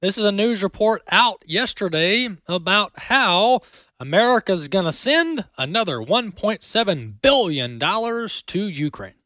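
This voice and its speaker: High bright-voiced guy hosting a talk show, sarcastic and fired up, dry close sound. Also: measured pace, no echo. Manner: sarcastic and animated. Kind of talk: opinionated political commentary.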